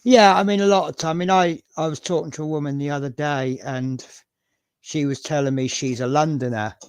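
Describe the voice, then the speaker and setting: This live-stream host from Norfolk, England, talks a little fast in a somewhat high, steady, smooth voice with his local accent. His casual chat is rambling and self-deprecating, and the audio has no room sound.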